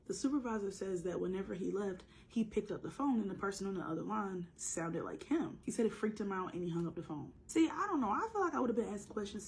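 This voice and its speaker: A woman with a sore, slightly hoarse throat telling a story in a casual, slangy way, with joking asides and acted-out lines. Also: medium pitch, expressive, quick pace, hardly any pauses, darkish tone, slight background noise, low-quality recording. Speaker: storytime narrator.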